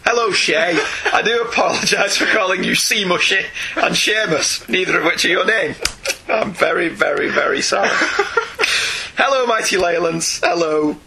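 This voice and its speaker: A man's voice: sits high, moderate pace, gravelly, pushed and bright. A man co-hosting a casual podcast, reading listener emails aloud with frequent laughs and asides.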